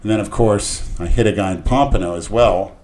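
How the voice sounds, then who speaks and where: An older man on a podcast telling a rambling, crude story in casual talk, swinging between hushed and loud. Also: fairly low pitch, a little fast, a little hiss or hum. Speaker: podcast regular.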